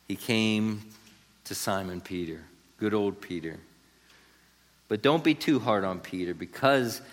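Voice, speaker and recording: A pastor preaches an expository sermon conversationally and emphatically, turning to the listeners with asides. His voice is fairly low and a bit bright, with the long reverb of a large hall.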